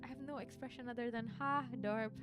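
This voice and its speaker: A woman's voice: on the high side, fairly even intonation, brisk. A young adult woman streamer chatting casually with viewers, rambling and peppering her talk with "like". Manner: rambling, chatty, full of "like" fillers. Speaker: virtual streamer. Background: music.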